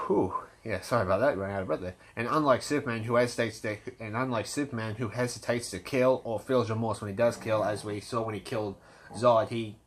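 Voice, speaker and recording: A man giving a casual fan-debate monologue, rambling and excited, with frequent restarts and a stutter he mentions himself. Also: medium pitch. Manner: enthusiastic, casual swearing. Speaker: fan commentator.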